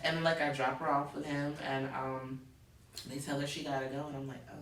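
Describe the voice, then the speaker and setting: A woman guest on a podcast, telling stories in a casual, animated way and acting out the voices of the people she quotes. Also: a bass voice, brisk. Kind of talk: casual storytelling. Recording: echoey room, distant mic, faint noise.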